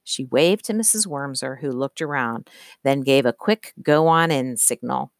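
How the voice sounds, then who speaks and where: An audiobook narrator reading a children's story in a steady, even manner. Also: mid-range voice, unhurried, dry recording, clean studio sound. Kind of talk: scripted narration.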